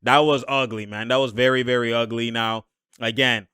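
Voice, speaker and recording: A young man reacting live to a basketball game, excitable and slangy, laughing often and yelling at plays. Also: medium pitch, normal speed, clean tone, dry recording, clean studio sound.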